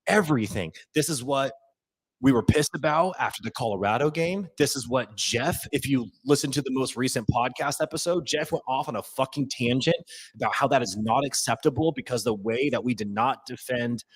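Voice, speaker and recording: Man, podcast host, hyped, profane, rambling, average pitch, dry sound. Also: brisk, breathy edge, dry recording, poor audio. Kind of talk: excited live podcast rant. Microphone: headphones off, desk mic.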